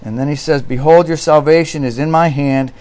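An earnest male pastor delivers a sermon with a slightly raised pitch. He presses hard on key words and often circles back to restart his phrases. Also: fairly even intonation, brisk, a little mellow.

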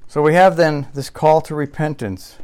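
A man delivering a sermon with a smooth, resonant voice. He preaches in earnest, his voice swelling loud and high before sinking low and quiet. He often repeats himself and restarts phrases as he goes. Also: moderate pace. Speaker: pastor.

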